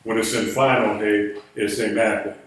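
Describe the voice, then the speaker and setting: A man's fairly low voice delivers a Biblical Hebrew class flatly at normal speed, as he patiently explains rules and spells words letter by letter, lecture-style. He's far from the microphone in an echoey room.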